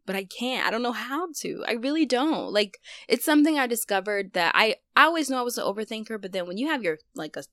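A young woman candidly telling a personal story on her vlog, chatty and full of fillers, dropping to a hush on the hard parts. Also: fairly high pitch, expressive, fast, few pauses, dry recording. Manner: candid, conversational, heavy use of fillers. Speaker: vlogger.

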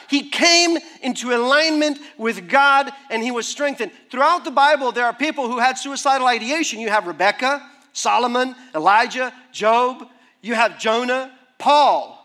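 A middle-aged man preaching a sermon, animated, acting out the voices of figures from scripture. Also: very high-pitched. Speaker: preacher, school head and therapist.

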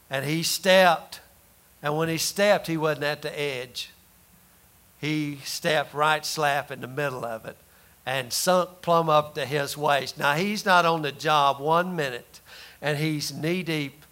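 A man preaching a sermon, telling folksy stories and rising to loud emphasis. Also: a little high. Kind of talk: sermon with personal story.

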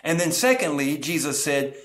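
Earnest pastor preaching a slow sermon. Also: male voice, on the high side, lively intonation, a bit bright.

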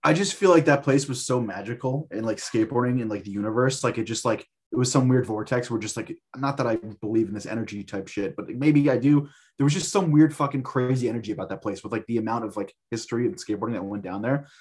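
A man's voice: mid-range voice, fast talker, hardly any pauses, a little mellow, breathy edge. A man in his thirties telling a rambling, profane story in casual chat, full of fillers. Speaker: podcast guest.

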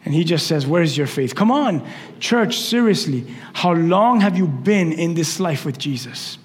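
A man preaching a sermon as the pastor, impassioned, swinging between shouts and hushed lines. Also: on the high side, lively intonation, unhurried, long reverb tail, slight background noise.

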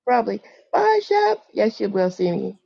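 A woman's voice: fairly high pitch, very animated, normal speed, creaky, mellow, slightly rough, dry recording. A woman in a casual group voice chat, breezy and teasing. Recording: dull, dry lo-fi mic.

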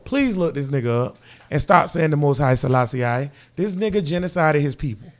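Man, podcast co-host, loud joking banter, slightly high voice. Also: animated, a little fast. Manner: loud, joking, laughs often.

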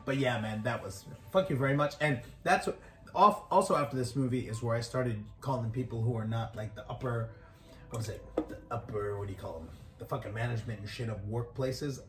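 A man's voice: medium pitch, a little fast, reverberant. A young man from Canada co-hosting a podcast, chatting casually, laughing often and swearing as he rambles. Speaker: podcast co-host. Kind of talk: casual chat.

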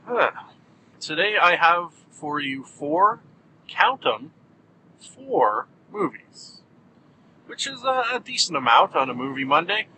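A man's voice: a little high, huge pitch swings, slow, bright, forceful tone, a little hiss or hum, low-quality recording. A man hosting a solo podcast in a jokey, self-mocking way with bursts of mock outrage. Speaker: podcast host.

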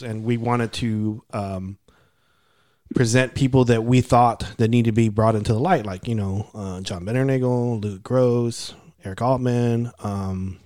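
A man's voice: medium pitch, a little mellow. A man hosting a casual chat, talking in a rambling way with many fillers and restarts.

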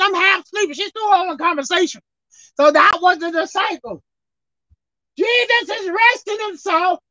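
High-voiced, impassioned male preacher. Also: dry recording. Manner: impassioned, swings from low murmurs to shouts; folksy, conversational preaching. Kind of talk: sermon.

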